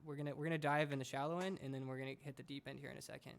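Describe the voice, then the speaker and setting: A young man hosting a casual podcast conversation in an ordinary middle pitch. His voice carries a lot of gravelly fry, and he rambles and joking circles through fillers and restarts. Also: fairly even intonation, racing, slight background noise. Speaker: podcast host. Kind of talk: casual chat.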